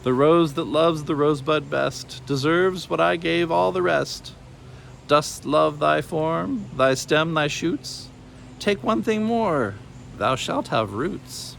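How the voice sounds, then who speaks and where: A bleak, cunning ancient witch woman, put on by a man reading aloud. Her croaking voice runs in an old-fashioned sing-song from a storybook. Faint hum behind. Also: high voice, very animated, moderate pace, voice pushed up, exaggerated voice. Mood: sly. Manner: archaic sing-song speech.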